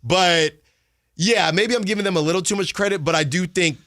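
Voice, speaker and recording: A man hosts a sports radio show in an easy, chatty way and gets animated as he talks. His voice is bright and pushed forward. It sounds close and dry in the studio. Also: quick pace, no echo. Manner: chatty, animated, jumps pitch when excited. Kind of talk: casual sports talk.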